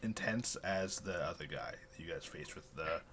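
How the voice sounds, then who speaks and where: A man's voice: sits low, moderate pace, a bit bright. A man acting as game master in a tabletop game, talking in a loose, rambling way. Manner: counting aloud, loose and rambling.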